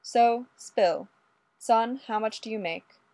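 A woman's voice: fairly high pitch, dark tone, no echo. A woman reading as a polite old Mountie. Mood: genial. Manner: polite, unhurried, old-fashioned. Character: courtly old male Mountie, mild and odd.

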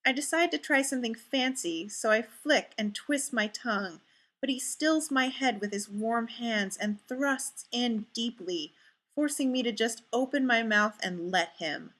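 A woman reading a first-person story aloud in an intimate, measured and expressive way. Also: on the high side. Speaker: story reader.

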